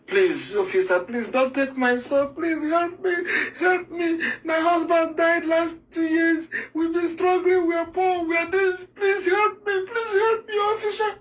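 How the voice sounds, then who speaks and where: Man playing a desperate young mother, high-pitched and tearful, pleading. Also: a little slow, few pauses, fairly bright tone, far from the mic.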